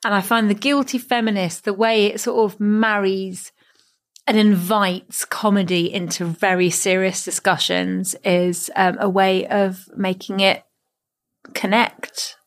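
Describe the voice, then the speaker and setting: A woman comedian, a bit tipsy, giving a reflective and heartfelt recorded message with warm laughs. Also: mid-range voice, steady tone, takes it slowly.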